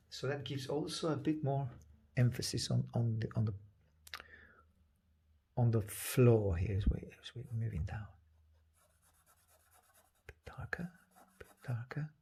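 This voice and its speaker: Soft-spoken gravelly man teaching painting. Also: medium pitch, fairly even intonation. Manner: soft-spoken, often drops to a whisper while painting; halting, thinking aloud with restarts. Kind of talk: live painting demonstration.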